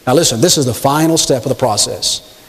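A man's voice: medium pitch, brisk, fairly bright tone. A man preaching a sermon, telling a story emphatically and speaking directly to his congregation. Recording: long hall reverb.

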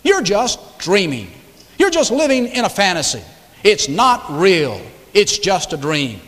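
A man's voice: sits high, very animated, measured pace, fairly bright tone, voice pushed up, full character voice. A man playing a jeering adult male street heckler in a story within his sermon, taunting in a raised voice. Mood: mocking. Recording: echoey large hall.

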